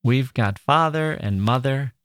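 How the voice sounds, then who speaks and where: A man reading aloud and voicing a gentle, shy teenage girl with a soft, sighing manner. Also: medium pitch, measured pace, dry recording, studio quality, close to an everyday voice.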